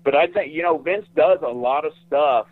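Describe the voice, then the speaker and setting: A man's voice: fairly high pitch, normal speed, no room sound, narrow, tinny audio. A man, a guest, telling long rambling stories in a casual interview, often repeating himself.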